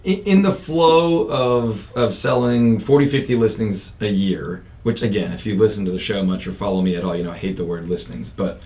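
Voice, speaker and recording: A man's voice: lowish voice, moderate pace, few pauses, a little mellow. Chatty man hosting a podcast. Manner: upbeat, talkative, loose with fillers and restarts. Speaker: podcast host and real estate coach. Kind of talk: casual podcast chat. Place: office studio.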